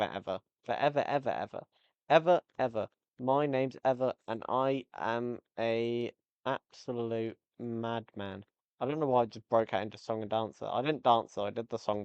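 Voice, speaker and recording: A man's voice: mid-range voice, dry recording. Rambling, jokey podcast guy. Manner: rambling, jokey, easily sidetracked. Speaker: podcast host. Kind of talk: casual football podcast monologue. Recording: slightly dull lo-fi audio.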